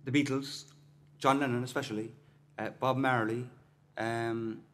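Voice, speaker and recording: A middle-aged singer-songwriter from Cork, Ireland, with a Cork accent, rambles chattily as a guest in a casual interview, full of "like" and "you know." His medium-pitched voice is steady, measured, and fairly bright, with a little hiss or hum.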